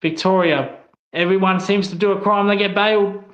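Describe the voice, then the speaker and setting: A man's voice: high voice, fairly even intonation, normal speed, a bit bright. A man with an Australian accent giving a blunt, angry opinion monologue, swearing often as he talks. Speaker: online commentator. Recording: echoey, slightly dull room sound.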